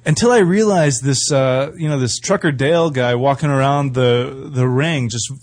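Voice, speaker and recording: A man's voice: mid-range voice, normal speed, darkish tone, no echo, clean studio sound. Profane, rambling man telling a story. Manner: rambling, profane, laughs often. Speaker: guest, professional wrestler. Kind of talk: casual storytelling interview.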